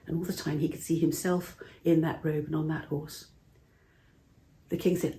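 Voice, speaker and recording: Gentle woman telling Bible stories to kids. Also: sits low, steady tone, normal speed. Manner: gentle, asks the listener questions. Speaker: children's Bible storyteller. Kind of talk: storytelling to children. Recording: roomy echo.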